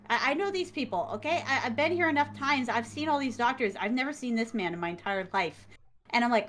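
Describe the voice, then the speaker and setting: A woman guest telling a story in an excitable, dramatic way and laughing often. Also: fairly high pitch, fairly quick. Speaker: guest, content creator. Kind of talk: animated storytelling.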